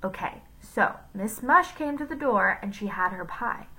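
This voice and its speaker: A woman teacher reads a chapter book aloud to children. Her voice is bright and very lively, rising and falling as she keeps them encouraged. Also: mid-range voice, measured pace, low-quality recording. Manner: expressive, encouraging.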